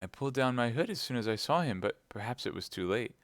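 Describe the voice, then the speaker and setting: A man's voice: lively intonation, fast talker, no echo, studio quality, close to an everyday voice. A man voicing a frightened young female chambermaid, speaking in a pleading, breathless way during an audiobook reading. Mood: fearful. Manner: pleading, breathless, high-pitched.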